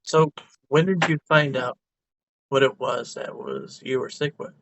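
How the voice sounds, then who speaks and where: A man's voice: mid-range voice, fairly even intonation, measured pace, gravelly, highs cut off, background noise. A man hosting an interview, asking brief, hesitant questions and giving short reactions. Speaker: host.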